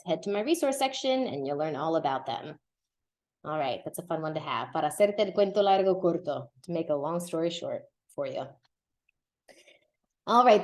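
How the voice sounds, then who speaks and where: A woman's voice: lowish voice, a little mellow. A woman teaching a Spanish lesson on a podcast, explaining patiently, often checking in with "okay?" and moving between English and Spanish.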